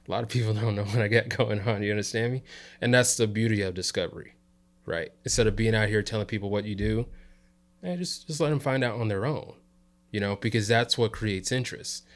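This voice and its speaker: A man from the South Side of Chicago, a guest on an interview show, telling a work story in a relaxed way and checking in with "you know" and "right?". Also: lowish voice, fairly quick. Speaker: interview guest, videographer and coach. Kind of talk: casual storytelling chat.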